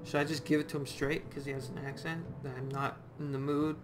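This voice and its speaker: Talking back to the game's characters, a young let's-play gamer keeps up casual commentary that is goofy and sarcastic. He speaks quickly at a medium pitch with a flat delivery, and game music can be heard behind him.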